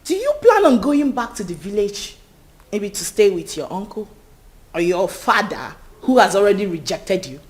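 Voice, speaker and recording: An actress playing a domineering young woman who scolds and mocks her pregnant friend in loud outbursts. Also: medium pitch, very animated, normal speed, natural voice. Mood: scornful scolding. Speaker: actress in a Nigerian film. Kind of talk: film drama acting.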